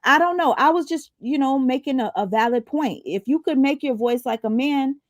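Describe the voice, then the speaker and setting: A woman's voice: sits high, normal speed, no echo, studio quality. A woman hosting a live online panel, talking casually and questioning, often repeating herself as she trails off. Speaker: live stream host. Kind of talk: heated casual panel chat.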